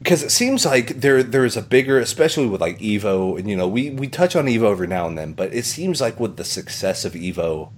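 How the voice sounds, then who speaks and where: A man's voice: on the low side, animated, fairly quick, few pauses. A man hosting a podcast, talking in a rambling casual way, with plenty of swearing, fillers and laughter. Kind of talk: casual chat.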